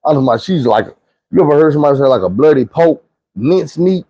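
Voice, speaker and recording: A man's voice: fairly high pitch, lively intonation, brisk, warm tone, no room sound, low-quality recording. A man telling a story in a casual, profane, slangy monologue, rambling loosely with frequent restarts.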